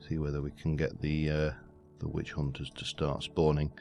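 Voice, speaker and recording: A man's voice: very deep voice, completely flat delivery, moderate pace, creaky, darkish tone. A man giving rambling, muttering commentary while playing a game. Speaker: let's play host. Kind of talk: casual gameplay commentary. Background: faint background music.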